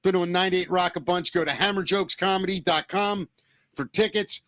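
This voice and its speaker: A man co-hosts a podcast in loose, emotional chat, swearing as he goes. His voice sits a little high and sounds bright and forceful. The sound is close and dry, with almost no room echo. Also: steady tone, moderate pace. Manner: emotional, heartfelt, swears freely. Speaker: podcast co-host. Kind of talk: casual chat.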